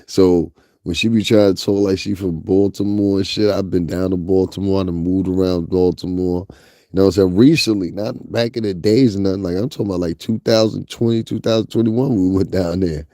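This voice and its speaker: Addressing his viewers head-on, a vlogger with a Northeastern US accent gives casual, foul-mouthed, blunt gossip commentary in a steady tone, a little fast. His voice is fairly low and mellow, captured close and dry with no room sound.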